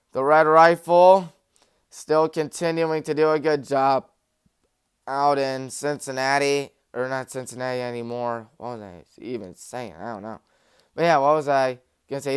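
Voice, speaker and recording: Brief: young guy hosting sports talk, crisp and smooth, dry close sound, jokey and rambling. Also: a little high, dry recording. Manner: jokey, rambling, self-mocking. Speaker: sports talk show host. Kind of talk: rapid-fire game picks with joking asides. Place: small community TV studio.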